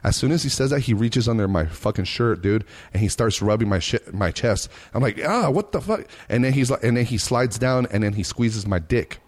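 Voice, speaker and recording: A man's voice: fairly low pitch, fairly quick, hardly any pauses. A young man in casual podcast chat, telling a story with lots of swearing and acted-out quotes. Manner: animated storyteller, swears often, acts out quotes.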